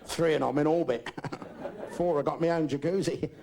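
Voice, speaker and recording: A man's voice: fairly high pitch, steady tone, normal speed. An older man from Britain doing a crude, rambling live stand-up routine, swearing constantly. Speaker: stand-up comedian. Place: live comedy club. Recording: noisy live recording.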